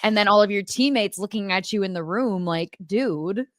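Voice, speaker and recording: A woman's voice: mid-range voice, fairly quick, dry recording, studio quality. A woman co-hosting a hockey podcast in a laid-back, casual way, with lots of "like" fillers. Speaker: podcast co-host and in-arena host.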